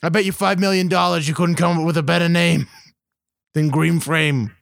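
A man's voice: a little high, fairly even intonation, normal speed, creaky, dry recording, studio quality. Sarcastic man co-hosting a podcast. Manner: sarcastic, profane jokes. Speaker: podcast co-host. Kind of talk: casual movie review chat.

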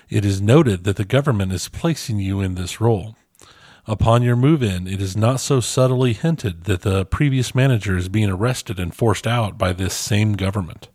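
A man's voice: fairly low pitch, a little mellow, no echo. Dry-voiced man co-hosting a podcast. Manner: dry, self-deprecating asides. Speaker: podcast co-host. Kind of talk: casual podcast chat and reading a listener review aloud.

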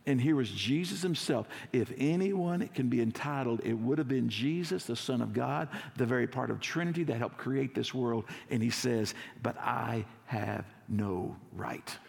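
Gravelly man preaching a sermon. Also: medium pitch, a little mellow, in a large hall. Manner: conversational preaching, acts out scenes, slows for emphasis. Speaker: lead pastor.

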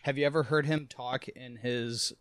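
A man co-hosting a casual podcast, chatty and quick to chime in. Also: mid-range voice, steady tone, dry recording, studio quality. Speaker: podcast co-host.

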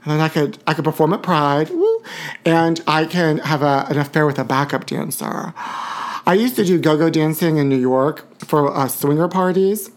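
A woman's voice: low voice, normal speed. A woman hosting a live-stream show in a campy gossip style, calling listeners honey and shrieking woo. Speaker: host. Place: Los Angeles area.

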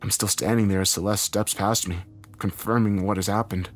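A man narrating a first-person horror story in a somber, measured storytelling manner. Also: fairly low pitch, steady tone, soft background music.

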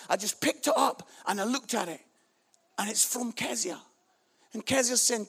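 Animated high-voiced preacher. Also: male voice, normal speed, slightly rough. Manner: animated storyteller, shifts from hushed to shouting. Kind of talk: humorous sermon story.

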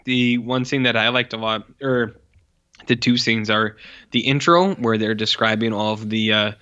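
A man's voice: fairly low pitch, normal speed, bright, forceful tone, clear, resonant tone. A man co-hosting a podcast, chatting casually about films in a hesitant, joking way. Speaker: podcast co-host. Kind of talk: casual film discussion. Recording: dull lo-fi audio.

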